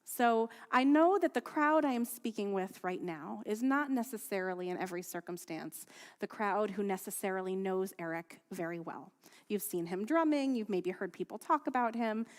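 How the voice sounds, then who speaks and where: A woman rabbi leading prayers and giving a sermon, reading at a steady, measured pace and telling stories in a chatty, lively way with fillers. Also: mid-range voice. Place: synagogue sanctuary. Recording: long hall reverb from a livestreamed service.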